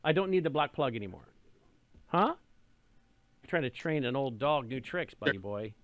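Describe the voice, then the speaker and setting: A man's voice: medium pitch, animated, normal speed. A man hosting a radio show, chatting casually in a jokey, self-deprecating way. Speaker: radio host.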